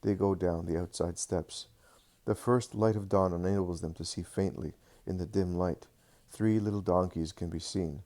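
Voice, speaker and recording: A man narrates a devotional text in a slow, earnest reading. His voice sits very low, and he now and then stumbles on a word and corrects himself. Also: fairly even intonation, warm tone.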